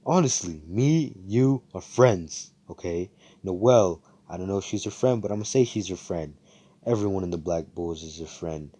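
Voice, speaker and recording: A man voicing a brash young male magic knight who talks bluntly and loudly. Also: lively intonation, normal speed, husky, no room sound. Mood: fired up. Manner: loud, blunt, high-pitched pep talk.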